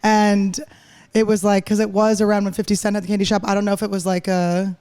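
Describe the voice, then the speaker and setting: Joking, quick-talking woman from Philadelphia. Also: medium pitch, level tone, dark tone, clean tone. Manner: quick, joking, acts out quoted people. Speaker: comedian guest. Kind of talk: casual podcast storytelling.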